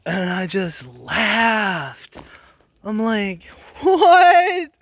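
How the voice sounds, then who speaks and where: A man in his forties talking straight to camera about his life. His voice sits a little high and he speaks slowly. He rambles bluntly and profanely, with flashes of anger. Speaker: vlogger. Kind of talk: casual personal storytelling.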